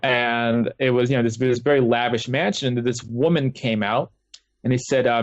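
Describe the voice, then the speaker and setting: A man's voice: mid-range voice, fairly even intonation, normal speed, dry recording. Rambling man on a dull, dry call line. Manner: rambling, with many fillers and restarts. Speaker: guest author. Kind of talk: casual interview storytelling.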